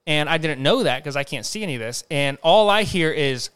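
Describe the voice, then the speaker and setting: A young man co-hosting a podcast, telling a story in a casual, animated way and swearing freely. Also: on the high side, fairly quick, slight background noise. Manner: animated, acts out voices when excited, swears freely. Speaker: podcast co-host.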